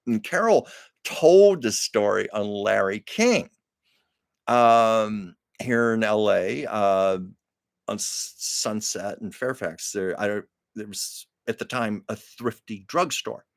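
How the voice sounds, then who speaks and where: A man's voice: on the low side, slow, creaky, no echo, studio quality. An older man hosting a live stream, chatting with viewers and telling stories in a casual, laughing way. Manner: chatty storytelling, laughs often. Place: Los Angeles.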